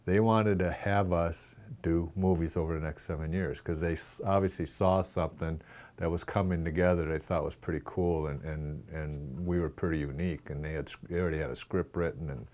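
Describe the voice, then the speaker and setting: A man's voice: deep voice, fairly quick. A man in his sixties from Minnesota, a former hockey player telling casual, self-mocking anecdotes as an interview guest. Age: 60s. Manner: lively yarn-spinner, self-mocking, acts out dialogue.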